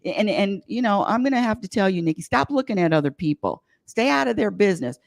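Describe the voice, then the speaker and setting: A woman's voice: medium pitch, animated, fast, gravelly, no echo, studio quality. A woman who teaches happiness classes, talking casually as an interview guest, emphatic and repeating her points. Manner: emphatic, repeats phrases, sudden loud bursts.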